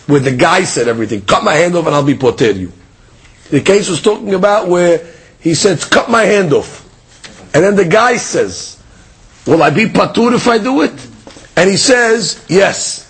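A man teaching a daily Talmud class in a lively, conversational way, moving between the texts and plain explanation. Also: fairly high pitch, slightly rough.

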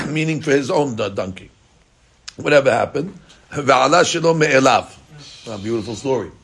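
A man teaching a daily Talmud class, an animated storyteller who mixes Hebrew and Aramaic into his English. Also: medium pitch, moderate pace, creaky.

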